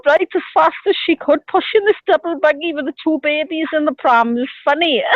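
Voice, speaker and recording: A woman's voice: sits high, brisk, dry recording, phone-quality sound. A middle-aged woman, chatting and telling gossipy stories over the phone from a beer garden. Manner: storytelling with loud bursts of laughter. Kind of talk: casual chat.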